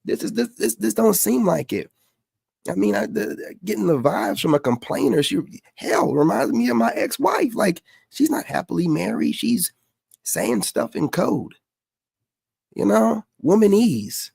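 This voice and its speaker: A gravelly-voiced man rants in casual reaction commentary, his pitch leaping around as he mocks what he hears. The sound is dry and close, with no room around it. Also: unhurried, no room sound. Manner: mocking, dismissive, animated. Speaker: commentary host reacting to clips.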